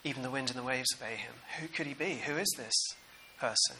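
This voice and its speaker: A New man preaching a sermon in an animated, conversational way and putting questions to the congregation. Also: mid-range voice, a little fast, slight background noise, poor audio.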